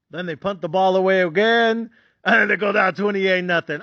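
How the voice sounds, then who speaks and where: A man's voice: high-pitched, normal speed, sharp tone, highs cut off. A man with a Mexican accent ranting profanely as host of a sports betting recap.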